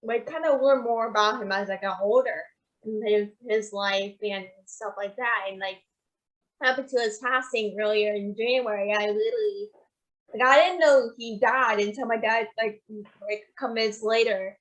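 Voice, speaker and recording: A woman's voice: on the high side, moderate pace, a bit bright, poor audio. A young woman hosting a podcast, rambling through a story in casual chat with lots of fillers. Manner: rambling, retells events with many fillers. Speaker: podcast host.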